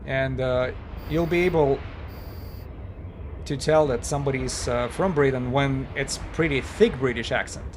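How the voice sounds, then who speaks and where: A man casually talking while he streams a game, halting and chatty, with many fillers and restarts. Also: medium pitch, slight background noise. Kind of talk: casual live-stream commentary.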